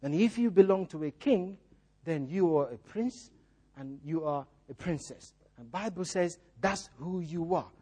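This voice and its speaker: A man's voice: fairly high pitch, lively intonation, measured pace, warm tone, breathy edge. A male preacher giving a sermon in a church, repeating key phrases and putting rhetorical questions to the congregation.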